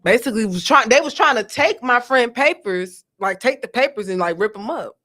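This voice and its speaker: A woman co-hosting a casual talk show, telling stories in an animated way. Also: a little high, fairly quick. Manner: animated storytelling, trails off and restarts. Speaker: podcast co-host. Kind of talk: casual chat.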